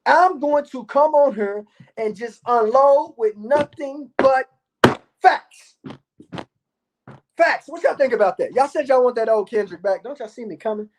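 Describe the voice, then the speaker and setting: A man's voice: extremely high pitch, moderate pace, darkish tone. A man delivering a profane, boastful monologue to his viewers as a YouTube commentator, repeating himself and cursing often. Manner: boastful, repetitive, swears a lot.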